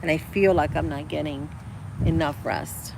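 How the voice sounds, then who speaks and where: Chatty woman with a gravelly voice. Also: low voice, steady tone, moderate pace, background noise. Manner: chatty and rambling, calls viewers girl and guys. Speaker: livestream host chatting with viewers. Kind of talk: casual live chat.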